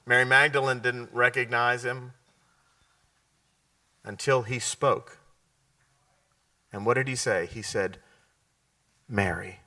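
A man preaching a sermon, often asking his listeners questions and answering them, sometimes dropping to a hushed, slow delivery. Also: mid-range voice, steady tone, recorded from a distance. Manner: drops to a hushed, slow delivery at key points.

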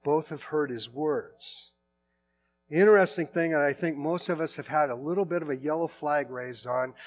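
A middle-aged man preaching in a relaxed, conversational sermon, often restarting and correcting himself mid-sentence. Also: on the high side. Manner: informal, with frequent restarts and self-corrections. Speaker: pastor.

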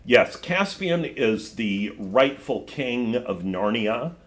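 A man's voice: mid-range voice, lively intonation, slow. A man reading a story aloud to a class and then explaining it with thoughtful asides. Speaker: teacher.

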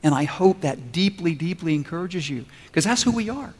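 Male pastor, fairly high voice, earnest storytelling sermon, long church reverb. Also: lively intonation, moderate pace, slightly rough. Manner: earnest storytelling preacher, acts out quotes.

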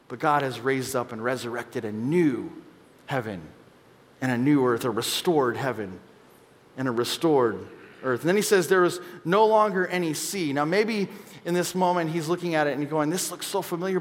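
A man in his thirties, a pastor, preaching an earnest, conversational sermon with personal storytelling. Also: on the high side. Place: church sanctuary. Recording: long hall reverb.

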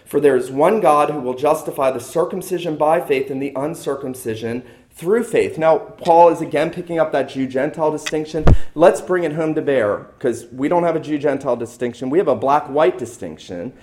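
A man's voice: a little high, a little fast, few pauses, a little mellow. A man preaching a sermon as a pastor, emphatic and repeating key lines for stress.

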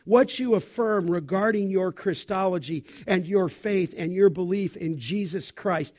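A man's voice: high voice, a little slow, a little mellow. A middle-aged male pastor preaching an expository sermon, stressing key words and asking the congregation questions.

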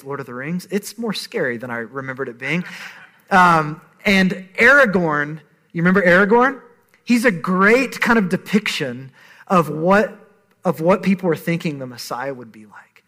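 A man's voice: fairly high pitch, bright, forceful tone. A man in his thirties preaching a sermon, conversational and emphatic. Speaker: pastor.

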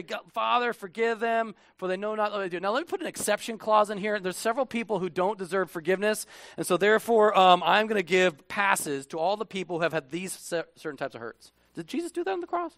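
Animated man preaching a sermon. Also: high voice, fast, no echo. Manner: animated, swings from hushed asides to loud emphatic bursts. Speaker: pastor. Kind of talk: conversational sermon.

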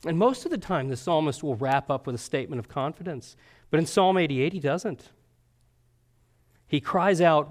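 Casting note: male preacher, slightly higher-pitched voice, earnest and conversational, sermon delivery with frequent "right?" check-ins. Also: animated, normal speed.

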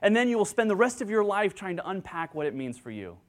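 A man preaching a sermon as pastor, earnest and excitable, acting out joyful quotes, speaking into a handheld microphone. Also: sits high, quick pace. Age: adult with children.

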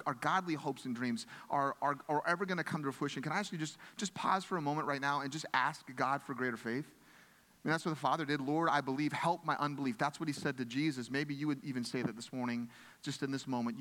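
A man's voice: a little high, fairly bright tone. Earnest man preaching in a reverberant hall. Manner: earnest, conversational, with frequent restarts. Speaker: pastor. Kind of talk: sermon.

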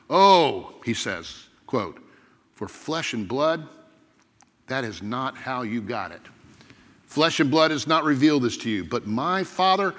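A man preaching a sermon as pastor, earnest and emphatic, with dramatic pauses. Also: mid-range voice, big pitch swings, a bit bright, in a large hall.

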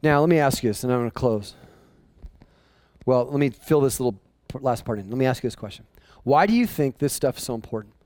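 A man, a pastor, preaching a sermon in an animated way, repeating and restarting phrases as he drives his points home. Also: medium pitch, quick pace, pauses often, no echo. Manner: animated, acting out voices of people in the story.

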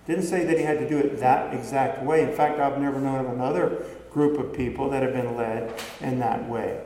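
A man delivers a sermon in a relaxed, mellow voice, talking to his congregation and asking them question after question. His words ring through a roomy hall with a long, echoing tail. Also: mid-range voice, brisk, slight background noise. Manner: conversational, asks the congregation rhetorical questions. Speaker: preacher. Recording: echoey hall with long reverb, faint ambience.

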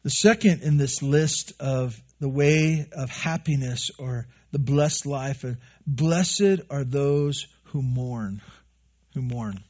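A man's voice: medium pitch, slow, darkish tone, muffled recording. A man preaching a sermon as pastor, earnest, repeating his phrases and acting out what his listeners say.

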